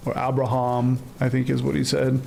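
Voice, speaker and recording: Man from Ohio, game streamer, rough gravelly voice, dry rambling jokes, noisy backdrop. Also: mid-range voice, flat delivery, fast, darkish tone. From Ohio, USA. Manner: wry, rambling asides. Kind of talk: casual gameplay commentary.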